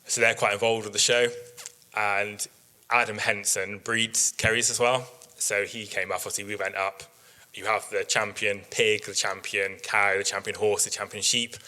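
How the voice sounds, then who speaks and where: A man, a sheep breeder, giving an informal workshop talk to an audience, chatty and quick to act out what people said, laughing often. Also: fairly low pitch, little pitch movement, bright, forceful tone. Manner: chatty storyteller, acts out quotes, laughs often. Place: live workshop in front of an audience.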